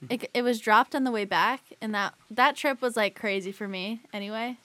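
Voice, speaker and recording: A woman's voice: a little high, moderate pace, bright, forceful tone, no echo. A young woman on a casual podcast, talking eagerly about new albums. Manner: enthusiastic about music. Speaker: podcast regular. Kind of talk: casual chat.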